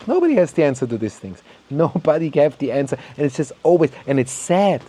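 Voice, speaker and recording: Warm-voiced man on a heated rant. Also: a little high, big pitch swings, brisk, breathy edge. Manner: heated, ranting, swears, repeats words, mocks others in quoted voices. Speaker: podcast host. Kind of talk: opinionated monologue.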